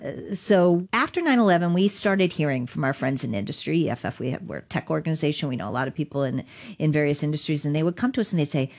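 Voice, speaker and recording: A middle-aged woman with a notably low voice recounts events as an interview guest. She tells it in an animated way and laughs often as she goes. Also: quick pace. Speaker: digital rights lawyer. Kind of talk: storytelling in an interview.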